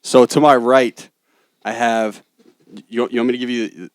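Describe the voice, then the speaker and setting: A man's voice: medium pitch, little pitch movement, unhurried, dry recording. A man hosting a podcast, chatting casually, laughing often and rambling loosely. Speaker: podcast host. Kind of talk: casual chat.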